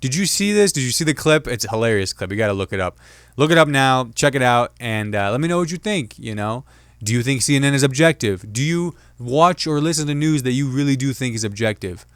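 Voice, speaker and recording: A man hosting his own comedy commentary show, talking casually and jokingly, slipping into quick impressions of other people. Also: medium pitch, clean tone, dry recording, clean studio sound. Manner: chatty, jokey, mimics others in quick asides. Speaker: podcast host and comedian.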